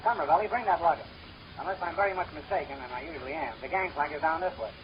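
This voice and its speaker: A man doing a rapid wisecracking con man. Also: on the high side, dull audio, a crowd in the background, natural voice. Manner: rapid deadpan wisecracks and puns. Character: fast-talking wisecracking male con man. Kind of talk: 1930s radio comedy acting. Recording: scratchy, hissy 1930s radio recording.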